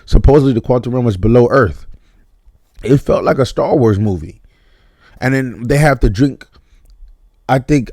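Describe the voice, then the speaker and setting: A man giving a casual spoken movie review, blunt and animated, with mock voices and some cursing. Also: mid-range voice, gravelly, no room sound, clean studio sound.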